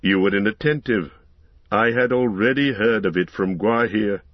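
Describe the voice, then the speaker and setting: A man voicing an ancient male wizard, speaking in a grave, measured and authoritative way. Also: on the low side, no room sound, dull audio, lightly acted.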